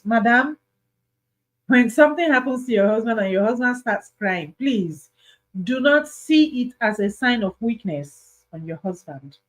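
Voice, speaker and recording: A woman's voice: medium pitch, rough recording. A Nigerian woman hosting an advice talk, speaking earnestly and pleading, repeating her points for emphasis. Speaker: host.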